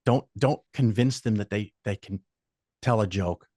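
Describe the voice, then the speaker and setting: A man's voice: lowish voice, moderate pace, breathy edge, no room sound, clean studio sound. An older man, a podcast guest, telling stories in casual chat with frequent swearing and quoted voices. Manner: profane, animated anecdotes with quoted voices.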